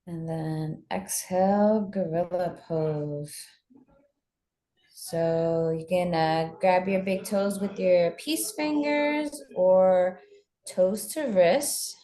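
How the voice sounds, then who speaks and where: A female yoga teacher trainee gives calm cues paced to the breath. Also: on the low side, drawn-out words. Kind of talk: cueing yoga poses. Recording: echoey room.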